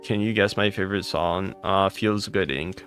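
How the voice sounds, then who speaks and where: Lower-voiced man greeting his live chat. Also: steady tone, fairly bright tone, faint music behind. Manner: greets chat viewers by name in a quick, repetitive stream; blunt and sarcastic with chat, laughing it off. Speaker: live streamer. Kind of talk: casual live-stream chat.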